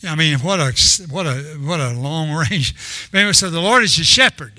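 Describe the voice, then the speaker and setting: A man's voice: a little high, lively intonation, a little fast, bright, forceful tone, no echo. An older man preaching a sermon in a rambling, storytelling way, often restarting his sentences.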